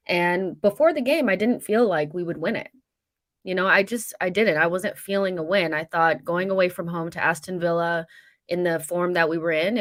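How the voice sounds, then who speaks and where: A woman's voice: on the low side, a bit bright. A woman on a fan panel, talking frankly and at length about a football match. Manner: candid, talkative, frank. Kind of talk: casual match reaction.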